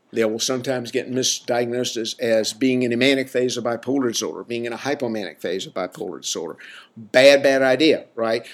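A man who works in mental health, giving a casual, emphatic talk to his listeners, full of "right?" asides and mocking quoted voices. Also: mid-range voice. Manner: conversational, many fillers and "right?" asides. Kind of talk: casual lecture to an audience.

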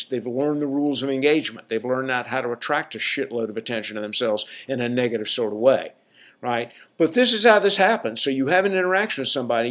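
Southern-accented man, casual rambling monologue host, mid-pitched voice. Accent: Southern American. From Southern United States. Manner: rambling, colloquial, talks to listeners with frequent "right?".

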